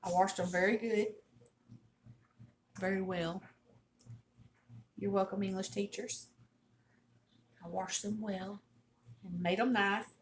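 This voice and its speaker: A middle-aged woman with a Southern drawl chats folksily as she cooks in her home kitchen, wandering into little stories as she goes. Her voice sits at an ordinary middle pitch, picked up by a camera on the counter, with a faint hiss behind it. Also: fairly even intonation, slow pace, pauses often. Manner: folksy, chatty, storytelling. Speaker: cooking channel host. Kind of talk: casual cooking demonstration.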